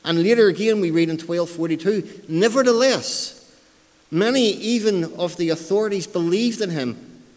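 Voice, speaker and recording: A man's voice: sits high, moderate pace, darkish tone. A man preaching a sermon, emphatic and repeating key phrases for stress, with self-deprecating asides. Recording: long hall reverb.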